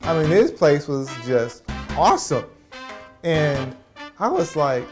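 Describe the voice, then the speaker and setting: A man's voice: a little high, takes it slowly, music in the background. A man, a missionary hosting the show, telling stories casually and acting out conversations with laughter. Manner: animated, laughing, acts out dialogue. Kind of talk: casual storytelling and interviewing.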